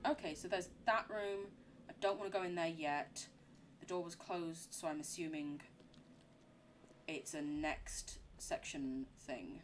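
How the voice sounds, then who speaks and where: A woman's voice: deep voice, fairly even intonation, measured pace, a little hiss or hum. Giggly woman streaming a game. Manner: chatty, giggly, rambling asides. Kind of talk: live game commentary.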